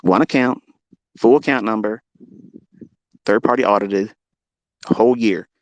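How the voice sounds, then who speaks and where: A man's voice: lowish voice, unhurried, no echo, lo-fi sound. A man ranting in a profane monologue as a trading teacher, combative and taunting, swearing all the way through. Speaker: trading educator.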